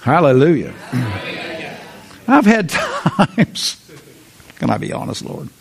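Male pastor preaching, lively and repetitive, laughing, higher-pitched voice. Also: takes it slowly, creaky. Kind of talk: sermon.

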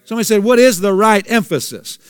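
Preacher with a high, clear voice. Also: male voice, expressive, fast, no echo, clean studio sound. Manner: preachy, asks the congregation questions, repeats for emphasis. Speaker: pastor. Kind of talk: sermon.

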